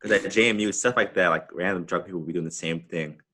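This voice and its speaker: Low, bright, husky man. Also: fast. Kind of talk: casual chat.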